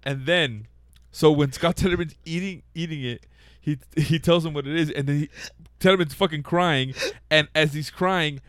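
Profane, excitable man in casual chat. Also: a little high, moderate pace, clean tone, dry recording, clean studio sound. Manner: profane, laughing, excitable storytelling.

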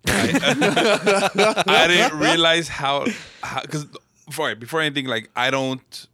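A young man co-hosting a casual podcast, telling a story with animated bursts of acted-out yelling. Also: fairly high pitch, takes it slowly, dry recording. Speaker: podcast co-host. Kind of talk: casual chat.

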